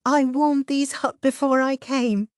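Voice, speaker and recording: A woman's voice: high-pitched, steady tone, a little slow, no room sound, studio quality, voice pushed up. A woman voicing a playful, theatrical young woman who drawls and chirps in a sing-song way.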